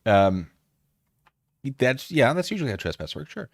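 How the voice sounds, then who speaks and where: A man's voice: mid-range voice, big pitch swings, normal speed, creaky, pauses often, no room sound, clean studio sound. A man hosting a casual livestream, reacting with sarcastic commentary and frequent laughter. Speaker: streamer.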